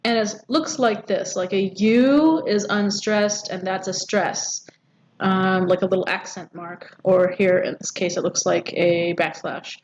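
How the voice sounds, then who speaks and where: In dull audio with a faint hum of background noise, a woman lectures on poetry, breaking things down step by step amid many ums and rhetorical questions. Her voice is medium-pitched and unhurried.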